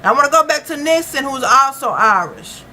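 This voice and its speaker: Woman, true-crime commentary, off-the-cuff monologue, bright clear tone, lots of fillers, faint background noise. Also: high voice, lively intonation, low-quality recording. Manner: halting, full of uh and you know fillers. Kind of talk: unscripted monologue reading from notes. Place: lives in Dallas.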